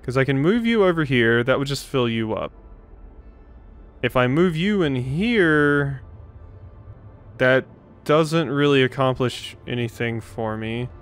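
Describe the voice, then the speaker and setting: A man's voice: medium pitch, expressive, measured pace, smooth, soft background music. A man hosting a let's play, thinking aloud through a puzzle and poking fun at himself. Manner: self-deprecating, thinks aloud. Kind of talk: gaming commentary.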